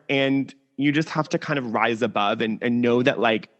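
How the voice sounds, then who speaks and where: Animated young male guest, mid-range voice, candid and talkative over a video call. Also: mid-range voice, moderate pace, hardly any pauses, muffled recording. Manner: animated, candid, heavy use of "like". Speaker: podcast guest. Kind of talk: casual interview chat.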